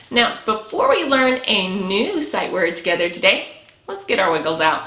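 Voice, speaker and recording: A woman teaching a sight-word lesson to young children, with slow, encouraging, sing-song praise. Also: medium pitch, big pitch swings, a bit bright, reverberant. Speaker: preschool teacher.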